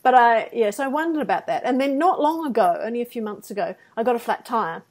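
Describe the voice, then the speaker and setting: Woman, slightly high voice, casual storytelling, self-deprecating. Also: fast. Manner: animated anecdotes with acted-out quotes and self-deprecating laughs. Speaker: podcast co-host.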